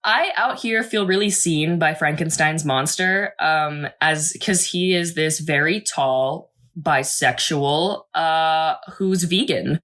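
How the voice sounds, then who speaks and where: A young woman co-hosts a casual podcast in an animated, theatrical way and laughs often. Her voice is bright and sharp but sits a little low. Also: slow. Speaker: podcast co-host. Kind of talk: casual chat.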